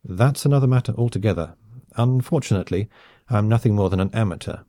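A man's voice: fairly low pitch, expressive, fast talker, mellow, no echo, clean studio sound. A man reading the part of a poised, aloof woman aristocrat who speaks in a cool, polite and dismissive way. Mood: coolly dismissive.

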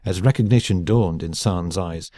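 Deep, dark-voiced male audiobook narrator. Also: moderate pace, no echo, clean studio sound. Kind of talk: scripted narration.

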